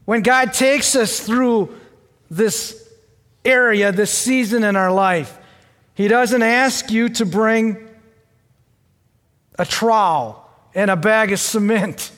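Older male pastor, high voice, slow storytelling delivery, long hall reverb. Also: fairly bright tone. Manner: storytelling, conversational, speaks to the congregation directly. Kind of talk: sermon with personal story.

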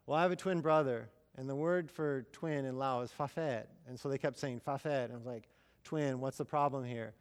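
A man in his thirties preaching in a church, in a relaxed, chatty storytelling voice. He acts out quoted dialogue and fills pauses with ums and you-knows. His voice is mid-pitched and carries a long reverberant tail from the hall. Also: smooth. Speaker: missionary speaker. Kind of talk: sermon storytelling.

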